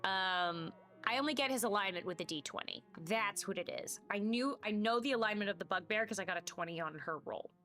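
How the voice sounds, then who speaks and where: A woman streaming a game, chatting in an excitable, playful way with quick asides. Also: mid-range voice. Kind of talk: casual let's-play commentary.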